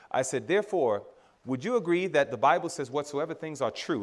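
A male preacher with a fairly high voice and a brisk delivery gives a sermon to his congregation. He's animated and laughing, acting out dialogue with his children and calling his listeners brothers and sisters.

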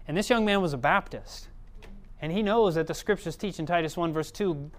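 A man's voice: sits high, normal speed, clean tone. A man preaching a sermon in a conversational way, often checking in with the audience.

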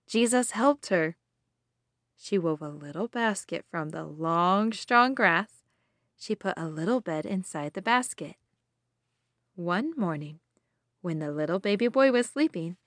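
Woman host of a kids' devotional, slow sing-song storyteller who asks questions, dry close recording. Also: lowish voice, lively intonation, dry recording. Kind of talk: children's Bible storytelling.

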